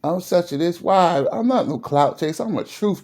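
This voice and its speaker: A man from Virginia ranting in a sports vlog, fired up and repeating himself, sometimes dropping low and emotional. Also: animated, moderate pace, few pauses, darkish tone. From Virginia, USA. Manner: fired-up and repetitive, stumbles over restarts; drops low and emotional at times. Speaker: sports commentary vlogger.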